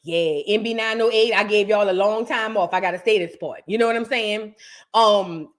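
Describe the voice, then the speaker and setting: A woman with a Southern US accent hosts a casual reaction show, talking directly to her viewers and calling them y'all. Her voice is medium-pitched and her pace is normal.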